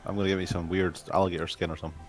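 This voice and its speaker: A man playing a tabletop game, chatting and joking quickly with the group. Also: sits low, flat delivery. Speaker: player. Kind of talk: casual chat in a tabletop game.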